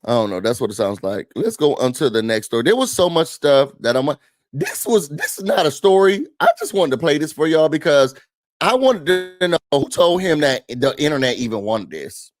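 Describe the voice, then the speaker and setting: Animated guy w/ a talking to viewers, dry close mic, bit high for a man. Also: normal speed, dry recording. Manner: animated, talks straight to viewers, acts out quotes. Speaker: show host. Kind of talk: casual hot-topics commentary.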